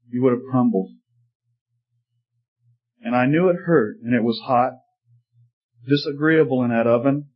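A man's voice: mid-range voice, husky. A man playing a patient, wise potter. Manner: calm, reassuring explaining. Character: patient wise old potter, gentle master. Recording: slightly muffled recording.

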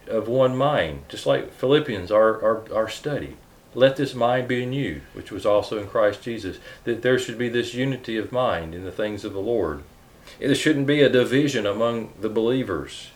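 Male preacher, lowish voice, earnest sermon delivery with restarts. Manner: earnest, reads scripture aloud with hesitant restarts.

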